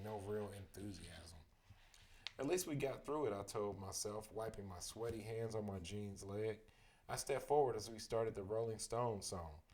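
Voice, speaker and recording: A man reading a chapter book aloud as a bedtime story, with steady, expressive first-person narration. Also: fairly low pitch. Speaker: storybook reader.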